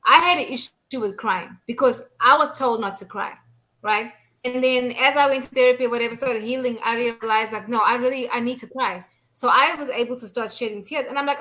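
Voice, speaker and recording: A woman's voice: a little high, a little fast, bright, forceful tone. A woman co-hosting a podcast, talking candidly and emphatically about raising her son. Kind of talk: casual chat.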